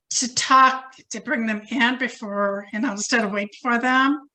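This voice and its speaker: A woman working as a channeler, giving a slow, chanted blessing in light language during a channeling session. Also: a little high, fairly even intonation, sharp tone.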